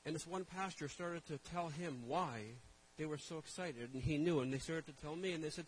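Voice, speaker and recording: A man preaching as a pastor, telling a story with animated shifts from hushed asides to loud outbursts. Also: a little high, moderate pace, hardly any pauses, a little hiss or hum, low-quality recording. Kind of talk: sermon storytelling.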